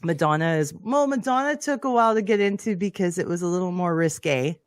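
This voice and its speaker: This woman from Canada has a fairly low, expressive voice and speaks fairly quickly, recorded dry. She's a podcast guest in casual conversation, sharing upbeat, chatty stories of her youth and laughing readily.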